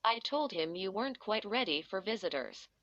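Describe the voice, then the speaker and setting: A brisk, caring mother talking to her hurt son, read by a woman storyteller. Her voice is bright and forward, and the recording sounds dry and dull. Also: medium pitch, sing-song, no room sound.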